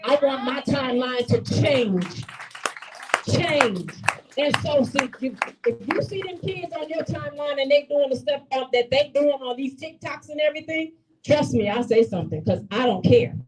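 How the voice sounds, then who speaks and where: Fervent high-voiced woman at a meeting. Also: animated, normal speed, distant mic, rough recording. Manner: fervent, repetitive, breaks into shouting. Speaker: community activist speaking at a meeting. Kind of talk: impassioned public speech.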